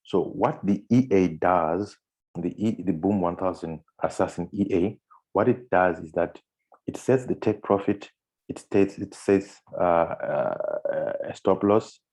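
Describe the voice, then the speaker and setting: A man's voice: low voice, a little slow, darkish tone, husky. A man giving a screen-share trading tutorial, walking through on-screen steps with frequent fillers and restarts. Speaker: trading instructor.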